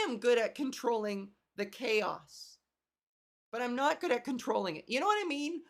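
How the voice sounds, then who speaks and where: A woman's voice: a little high, animated, moderate pace. Cracky-voiced woman comedian rambling. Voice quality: cracky, gravelly voice. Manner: rambling, profane, self-deprecating. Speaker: comedian podcast host. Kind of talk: casual solo podcast chat.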